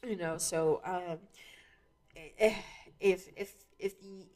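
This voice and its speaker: Speaking extremely slowly in a lowish, slightly mellow voice, this woman hosts her own podcast. Her casual monologue meanders, thick with restarts and fillers.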